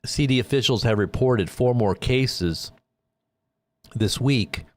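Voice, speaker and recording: A man hosting a casual livestream, reading news headlines and thinking out loud in a rambling way. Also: medium pitch, slow pace, no room sound.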